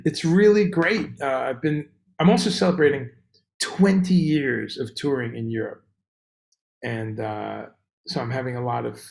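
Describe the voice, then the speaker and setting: A man chats casually on a livestream, his voice gravelly with a touch of fry. He rambles in an animated way and calls out to viewers by name. The sound is roomy and echoey. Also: medium pitch. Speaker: livestream host. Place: room on tour abroad. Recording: echoey room.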